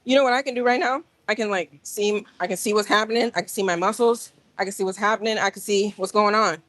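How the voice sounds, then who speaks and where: A woman hosting a casual livestream from a gym, talking straight to her viewers in an animated, rambling way. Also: medium pitch, fast talker, no room sound. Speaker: livestream host. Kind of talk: casual live-stream chat.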